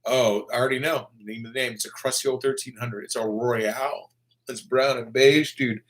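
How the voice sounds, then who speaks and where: A man's voice: medium pitch, fairly even intonation, normal speed, fairly bright tone. A man with a Southern American accent, hosting a casual chat, reading viewer comments and joking with lots of profanity. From Florida.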